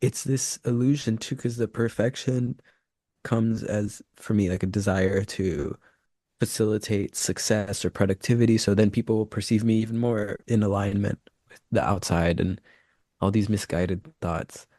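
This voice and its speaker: A man with a low, mellow voice speaks thoughtfully as a podcast co-host. The recording sounds dry and close, with little room sound. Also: fairly even intonation, moderate pace, no room sound. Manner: thoughtful, with small supportive interjections. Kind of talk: casual podcast conversation.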